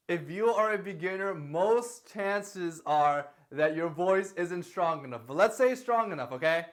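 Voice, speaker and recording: A young man giving a casual singing lesson, talking in a chatty way and often checking in with a quick "okay?". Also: sits high. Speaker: singing teacher.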